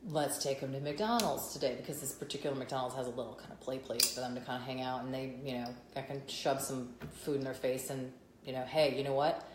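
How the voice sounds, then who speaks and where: A woman, co-hosting a casual chat with quick, chatty asides. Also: rumbling low, fairly even intonation. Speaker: podcast co-host. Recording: echoey room with faint noise.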